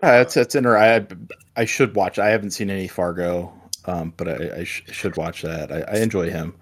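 Low voice guy, stop-start movie talk, keeps restarting sentences. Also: husky. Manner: halting, repeats words as he starts sentences. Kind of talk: casual movie chat.

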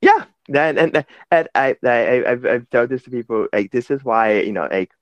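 A man's voice: mid-range voice, expressive, normal speed, no room sound. A man from New York City chatting casually as a podcast co-host, rambling with lots of restarts and fillers. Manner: rambling, many restarts and fillers, laughing storyteller. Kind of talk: casual chat. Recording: slightly dull lo-fi sound.

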